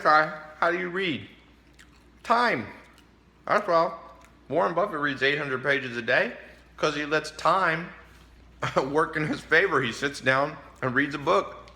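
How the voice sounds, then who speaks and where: A man delivering a casual motivational monologue to camera in an emphatic, preaching tone. His voice is bright and forceful, and he sits at an ordinary pitch for a man. He chuckles between his points and keeps eating while he talks. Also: slight background noise. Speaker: vlogger giving life advice.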